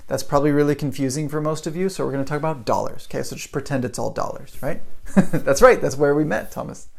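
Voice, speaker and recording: A man in his thirties hosting a podcast, telling a story casually to camera, animated, chuckling often and tossing in rhetorical questions. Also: fairly high pitch, fast talker, gravelly. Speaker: podcast host.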